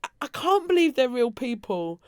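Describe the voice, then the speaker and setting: Woman, podcast co-host, animated storyteller, slightly high pitch, dry close mic. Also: normal speed, clean tone, dry recording. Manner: animated storytelling, acts out quotes, laughs often. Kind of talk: casual chat.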